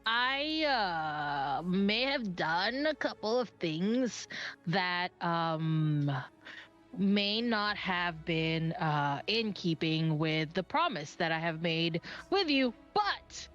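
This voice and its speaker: Woman as guilty evasive young woman, slow, lowish, dull lo-fi mic. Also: fairly bright tone. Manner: hesitant, filler-heavy.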